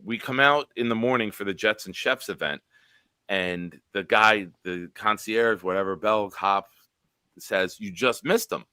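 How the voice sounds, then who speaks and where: A man in his forties, a show host telling a profane, animated sports story with quoted dialogue. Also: on the low side, a little slow, clear, resonant tone, no room sound.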